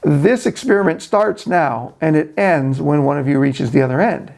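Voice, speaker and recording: Man doing a grad student, matter-of-fact, announcing, slow, gravelly. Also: fairly high pitch, a little mellow. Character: male psychology grad student running an experiment.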